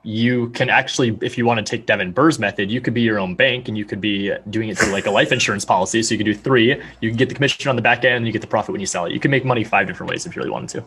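A man's voice: fairly low pitch, very fast, hardly any pauses, a bit bright, a little hiss or hum. A young man, a real estate agent, explaining his deals in a confident, salesy way during a podcast interview. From Arizona, USA. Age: young adult.

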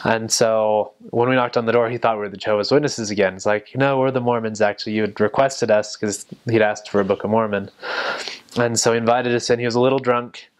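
A young man who served as a missionary, talking slowly and carefully and repeating each word. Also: on the low side, steady tone, smooth. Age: young adult. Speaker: returned missionary. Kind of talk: casual talk with vocabulary recitation.

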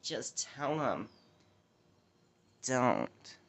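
A man's voice: mid-range voice, sing-song, very slow, gravelly, fairly bright tone, full character voice. A man impersonating a rambling, scattered woman politician at a debate, who keeps repeating "okay?". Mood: defensive. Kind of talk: comedic impression sketch.

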